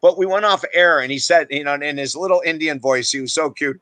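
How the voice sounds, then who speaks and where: A man's voice: on the high side, a little fast, bright, forceful tone, dry recording, rough recording. A middle-aged man, a guest author on a podcast, telling stories in an emphatic, blunt and self-deprecating way. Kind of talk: animated podcast storytelling.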